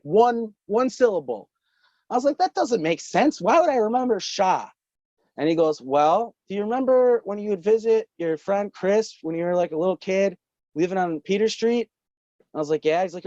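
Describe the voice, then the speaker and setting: A man's voice: sits high, warm tone, no room sound. A man telling a long story as a podcast guest, rambling and swearing, often breaking into laughter. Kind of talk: casual storytelling. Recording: dull lo-fi call audio.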